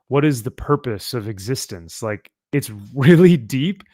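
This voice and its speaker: A man's voice: medium pitch, animated, a little slow, a little mellow, no room sound, clean studio sound. A man hosting a casual comic book chat, rambling with many fillers and laughs. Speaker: podcast host. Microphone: headphones and desk mic.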